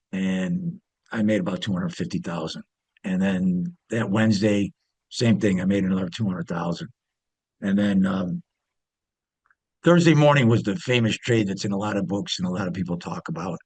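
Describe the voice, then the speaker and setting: Husky low-voiced man telling trading stories. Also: lively intonation, normal speed, darkish tone, no room sound. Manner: rambling, many fillers and restarts. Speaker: interview guest, former pit trader. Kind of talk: casual storytelling.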